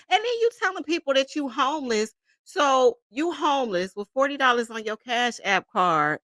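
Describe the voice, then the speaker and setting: A woman's voice: on the high side, lively intonation, moderate pace, sharp tone, no echo, studio quality. A woman hosting casual commentary, talking in slang and laughing often as she reacts to a video. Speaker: commentary channel host.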